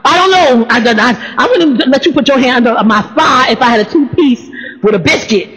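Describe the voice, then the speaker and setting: A woman giving an informal, animated sermon, laughing often and acting out the voices of people in her stories. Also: high-pitched, normal speed, breathy edge, in a large hall, low-quality recording. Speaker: preacher teaching the Bible.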